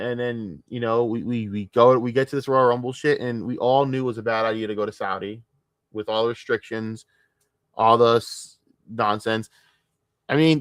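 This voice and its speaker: A man's voice: on the low side, fairly bright tone, no room sound, clean studio sound. A young adult American man ranting casually on a livestream, frustrated and profane, often stammering and restarting his sentences. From United States. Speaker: streamer.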